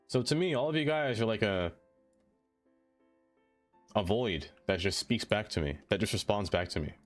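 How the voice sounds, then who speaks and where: A man's voice: lowish voice, expressive, normal speed, faint music behind. A man live-streaming a city-building game, chatting casually with his viewers and laughing often.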